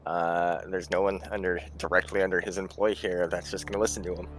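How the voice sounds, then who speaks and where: A man's voice: deep voice, level tone, a little fast, fairly bright tone, faint music behind. A man playing a tabletop game, rambling with many fillers. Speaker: player. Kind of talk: tabletop role-play chat.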